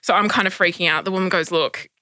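A young adult woman telling a story on a podcast, animated and laughing often, acting out the people she quotes. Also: lowish voice, fast, no echo, clean studio sound. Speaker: guest storyteller.

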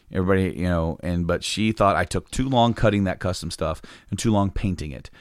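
Low-pitched guy spinning a rambly work story, lots of laughs and swearing, dry close mic. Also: fairly bright tone, no echo. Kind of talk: casual storytelling.

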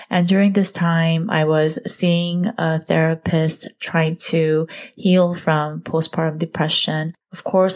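A woman in her thirties hosting her own podcast, telling a personal story in an earnest, confessional way. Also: deep voice. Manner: earnest, confessional, slows down on emotional points. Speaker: podcast host and blogger.

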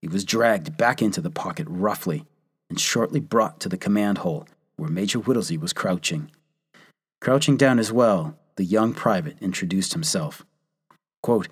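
A man narrating a history story in a measured, scripted way, lifting his voice for quoted lines. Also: deep voice, animated, slightly rough.

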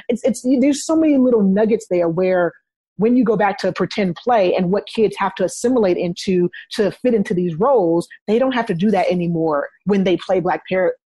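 A woman's voice: fairly low pitch, a little mellow, breathy edge, no echo. A woman in her thirties talking earnestly in a casual discussion, stressing her points with repeated phrases. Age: 30s.

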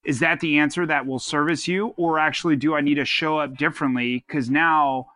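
A man with a bright, forceful voice, recorded dry and close, talks through advice on a casual podcast. He is earnest and rambles, restarting his sentences often. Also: on the high side, fairly even intonation, fairly quick, no room sound. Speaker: podcast co-host. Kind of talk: casual advice-giving talk.

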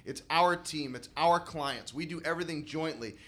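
A man's voice: a little high, moderate pace, fairly bright tone. A man co-hosting a business podcast, speaking earnestly and giving motivational advice. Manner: earnest and motivational, retells conversations. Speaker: podcast co-host. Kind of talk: casual business podcast chat.

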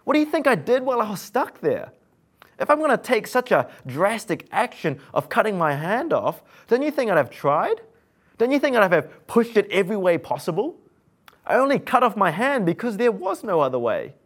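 A man's voice: high voice, sing-song, moderate pace, pitched above the performer's own voice, heavily acted. A man voicing an exasperated male climber, firing off indignant, insistent rhetorical questions. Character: exasperated male climber defending his choice.

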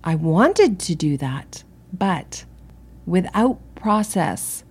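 Brief: middle-aged woman, lowish voice, candid and digressive, telling a story solo. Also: big pitch swings, extremely slow, breathy edge. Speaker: interior designer and business owner. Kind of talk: solo podcast monologue.

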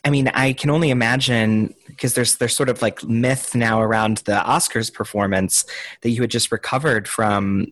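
Male podcast host, dry close audio, measured interviewer on a video call. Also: medium pitch, fairly even intonation, a bit bright, no room sound. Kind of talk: interview questions, brief backchannels.

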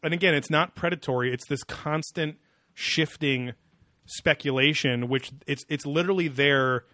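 A man's voice: a little high, moderate pace, bright, forceful tone, no echo, clean studio sound. A man co-hosting a casual podcast, rambling and sarcastic, with frequent laughter. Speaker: podcast co-host. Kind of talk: casual chat.

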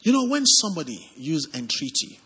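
A man's voice: fairly high pitch, fairly quick, slightly rough. A man with a Nigerian accent, a pastor preaching and leading prayer, calling on the congregation to respond. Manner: animated, calls on congregation to respond. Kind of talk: sermon with prayer. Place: church service hall. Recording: long hall reverb, faint music behind.

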